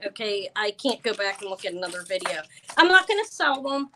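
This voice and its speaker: A woman's voice: medium pitch, sing-song, brisk, bright, forceful tone, a little hiss or hum, low-quality recording. Flustered, tired woman selling jewelry live. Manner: flustered and apologetic, stumbling restarts. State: tired and stressed. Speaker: jewelry seller hosting a live sale. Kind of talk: live-stream sales chat.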